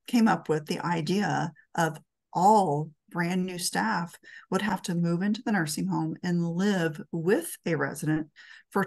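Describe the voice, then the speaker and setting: A woman's voice: fairly low pitch, gravelly. A woman speaking at a talk, telling an earnest, emotional story from her work in long-term care.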